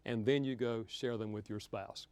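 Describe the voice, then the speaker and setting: A man's voice: fairly low pitch, steady tone, moderate pace, a little mellow, no room sound. An older man, giving a folksy, humorous talk on marriage to an audience. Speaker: speaker on marriage. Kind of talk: lecture to an audience.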